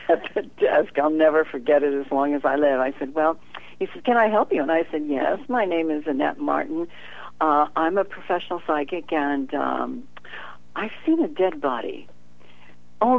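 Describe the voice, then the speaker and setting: A woman's voice: sits low, no room sound. A woman, a professional psychic, telling a story in an interview, acting out the dialogue and often laughing. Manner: animated storyteller, acts out quoted dialogue with frequent laughter. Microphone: telephone. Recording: tinny phone line.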